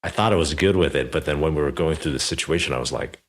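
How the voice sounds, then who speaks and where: A man's voice: very deep voice, fast. A man in his thirties hosting a podcast interview, telling a story in a chatty way full of fillers. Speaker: podcast host. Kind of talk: casual conversational interview.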